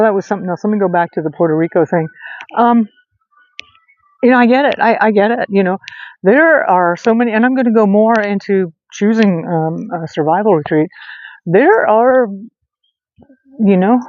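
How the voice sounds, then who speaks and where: A woman hosting a casual vlog outdoors at night, chatting in a rambling way with many fillers and restarts. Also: medium pitch. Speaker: host. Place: outdoors at night under a street light. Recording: dull lo-fi sound with faint noise.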